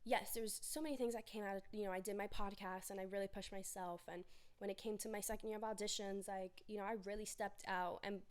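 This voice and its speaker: A woman's voice: medium pitch, steady tone, fast. Young woman doing a chill solo podcast, chatty, laughs a lot, acts out her own thoughts. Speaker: podcast host. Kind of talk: casual solo podcast chat.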